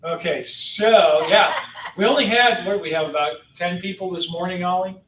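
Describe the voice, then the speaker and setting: A man's voice: sits high, moderate pace, a bit bright, slight background noise. A man in his fifties hosting a travel club meeting, announcing upcoming trips in a jokey, upbeat way and laughing between items. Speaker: tour company host. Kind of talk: casual club presentation. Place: meeting room. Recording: echoey room from far off.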